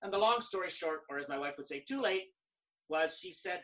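A middle-aged man from Canada, a professional speaker, telling stories in an animated, conversational way and acting out other people's lines. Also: high-pitched, brisk, far from the mic, poor audio. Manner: animated, quotes others in lively dialogue. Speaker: guest speaker. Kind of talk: conversational storytelling.

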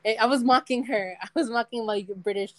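A woman's voice: fairly high pitch, a little fast, rough recording. A young woman in casual chat, rambling and laughing often as she tells stories.

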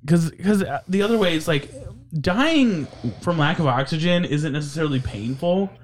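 A man's voice: on the high side, expressive, normal speed. A man co-hosting a podcast in casual chat, rambling with many fillers and restarts and swearing freely. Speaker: podcast co-host.

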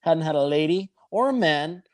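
A man spinning a long, crude story in casual banter. His voice sits a bit high. He swears as he goes and rambles through the details. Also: lively intonation, normal speed. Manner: profane, rambling anecdotal delivery.

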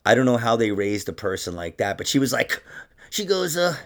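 A man's voice: fairly low pitch, brisk, a bit bright. A middle-aged man hosting a podcast, telling stories in a casual chat with laughs and acted-out quotes. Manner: storytelling, laughing, acting out quotes. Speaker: podcast host.

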